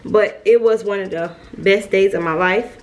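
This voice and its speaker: Woman, mom vlogger, casual storytime, chatty, talks to viewers, mid pitch. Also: moderate pace. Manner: chatty, talks straight to viewers with lots of fillers.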